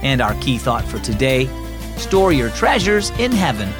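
A man hosting a children's devotional program, reading scripted narration in a friendly, clear, measured way. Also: mid-range voice, big pitch swings, music in the background.

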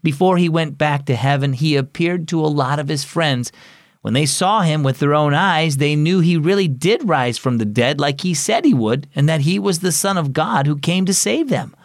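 A man's voice: a little high, animated, moderate pace, no echo, studio quality. A man doing an eager young boy. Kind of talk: storybook character voice.

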